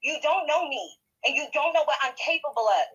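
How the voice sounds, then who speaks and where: Woman, threatening and profane, fairly high bright voice, narrowband chat-app sound. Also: animated, brisk. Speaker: mother addressing a Clubhouse room. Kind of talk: angry threatening rant on an audio chat app.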